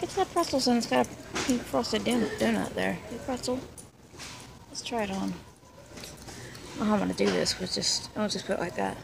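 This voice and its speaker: A woman's voice: mid-range voice, gravelly. A woman chatting casually as she walks through a big store, rambling with jokey asides into a handheld phone. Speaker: vlogger. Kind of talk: casual store walkthrough vlog. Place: big retail store, indoors. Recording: noisy store background.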